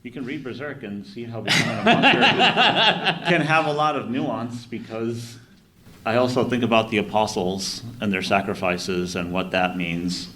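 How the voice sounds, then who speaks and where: Low-voiced man rambling on a podcast. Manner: rambling, quick restarts, animated retelling. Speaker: podcast co-host. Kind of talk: casual chat. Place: live event.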